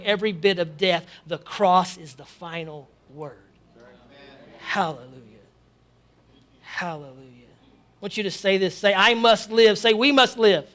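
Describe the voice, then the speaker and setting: High, bright-voiced fervent male preacher. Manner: fervent, swinging between shouting and hushed storytelling; leads call-and-response with the congregation. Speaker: pastor. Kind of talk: sermon. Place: church sanctuary.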